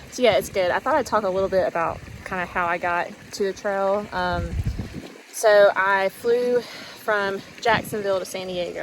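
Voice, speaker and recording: A woman's voice: medium pitch, a little hiss or hum, rough recording. A woman chatting casually in a trail vlog, upbeat and full of fillers, recorded outdoors on a phone. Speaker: thru-hiker vlogger.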